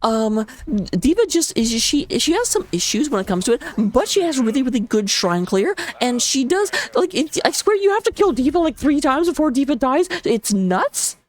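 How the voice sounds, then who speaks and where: A woman casting a live esports match, talking rapidly and excitably with a playful, jokey manner. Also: high voice. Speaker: esports caster. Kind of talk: live game commentary on a stream.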